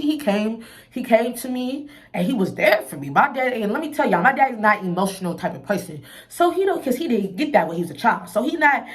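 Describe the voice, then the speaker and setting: A young woman telling a personal story in a casual vlog, candid and emotional, full of slang and asides to her viewers. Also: fairly high pitch. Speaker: vlogger.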